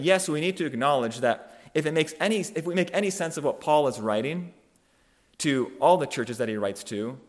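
Male preacher, mid-range voice, reflective sermon delivery with deliberate emphatic pauses. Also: medium pitch. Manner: thoughtful, measured, with frequent restarts and emphatic slowing.

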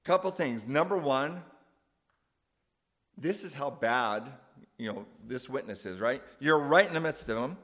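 A man's voice: mid-range voice, expressive, measured pace, long pauses, fairly bright tone. A man preaching a sermon in a conversational way, often checking in with "right?" and "you know". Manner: conversational, with frequent fillers and "right?" asides.

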